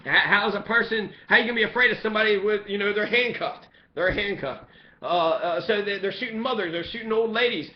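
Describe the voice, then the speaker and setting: A man in an angry, profane, repetitive rant about the police. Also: high voice. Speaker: resident speaking out on police. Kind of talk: impassioned ranting monologue. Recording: echoey, dull lo-fi sound.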